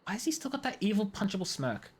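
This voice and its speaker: A woman streaming a game, chatting in an animated, rambling way with lots of tangents and giggling. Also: medium pitch, quick pace, breathy edge. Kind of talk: gaming stream commentary.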